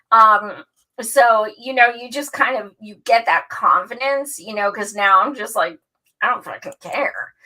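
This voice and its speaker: A woman's voice: on the high side, rough recording. A woman who hosts a show, telling her story in casual chat, candid and full of swearing. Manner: candid and profane, animated storytelling. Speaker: show host.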